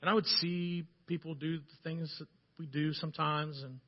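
Animated man preaching, lo-fi sound. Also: fairly high pitch, moderate pace. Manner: animated storytelling, swinging between loud and hushed. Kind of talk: sermon.

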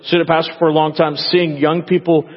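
Male pastor, chatty sermon delivery, slightly raised pitch, dull lo-fi room sound with reverb. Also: level tone, brisk. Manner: conversational, acts out prayers in quoted voices. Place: church sanctuary. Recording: echoey hall, dull lo-fi sound.

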